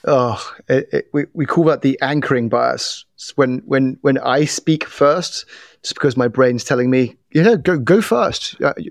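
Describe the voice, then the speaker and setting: Animated, restart-prone man telling stories. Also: medium pitch, moderate pace, gravelly, dry recording, clean studio sound. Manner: animated storyteller with repeated restarts. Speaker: podcast guest, bias trainer. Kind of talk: casual interview talk.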